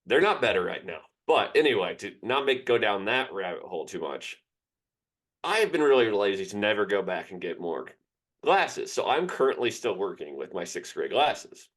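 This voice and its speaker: A man's voice: fairly low pitch, sing-song, moderate pace, fairly bright tone. A young man co-hosting a sports podcast, telling a personal story in a rambling, candid way. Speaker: podcast co-host. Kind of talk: casual sports podcast chat.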